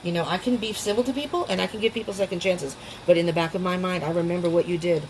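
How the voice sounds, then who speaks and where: A woman's voice: fairly low pitch, fast talker, slight background noise, low-quality recording. A woman giving a casual tarot reading at home, chatty and emotional, often laughing and restarting her sentences. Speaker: tarot reader.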